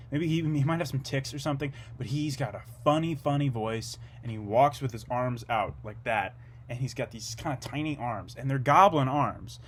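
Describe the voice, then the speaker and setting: A young man delivering a rambling, absurd comedic monologue in a low-key, deadpan way, drifting from one tangent to the next. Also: a little hiss or hum.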